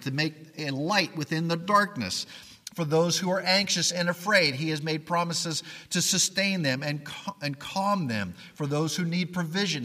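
Earnest pastor preaching in a hall. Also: male voice, a little high. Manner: earnest, pleading, drops to quiet emphasis. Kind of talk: sermon.

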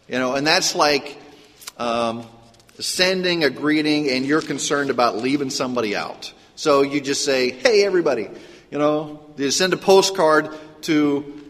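A male pastor giving a conversational sermon, telling stories with lively asides. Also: medium pitch, in a large hall.

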